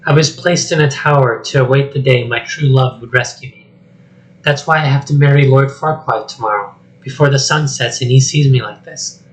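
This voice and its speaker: A man voicing a cursed young princess while reading a script aloud, speaking softly and pleadingly. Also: mid-range voice, moderate pace, natural voice, rough recording. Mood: earnest. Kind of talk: solo script reading with voices.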